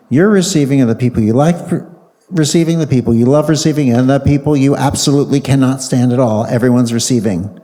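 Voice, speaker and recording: In a big hall with a live audience, a panel speaker leads a guided exercise, playfully coaxing people and repeating short instructions. His voice sits at medium pitch with a dark tone, and the hall's reverb lingers long.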